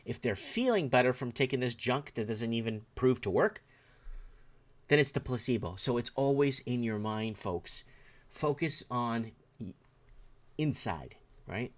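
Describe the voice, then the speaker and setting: A man from Canada hosts his own livestream show from a room indoors. He reads headlines aloud in a plain voice, then stops to rant and exclaim about them to his viewers, with sudden jumps in loudness. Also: medium pitch, expressive, measured pace, long pauses. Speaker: show host. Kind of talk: solo livestream commentary on news.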